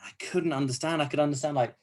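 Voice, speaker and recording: A man hosts a relaxed conversation. He is chatty and tells stories in a self-mocking way, often laughing at himself. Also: fairly high pitch, fast. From England. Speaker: podcast host. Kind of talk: casual podcast chat.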